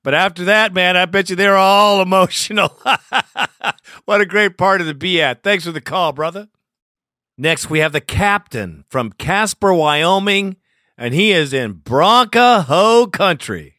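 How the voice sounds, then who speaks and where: A man's voice: high voice, unhurried, bright, forceful tone, no echo, clean studio sound. A man hosting a call-in fan podcast, upbeat and chatty, laughing easily between calls. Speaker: podcast host.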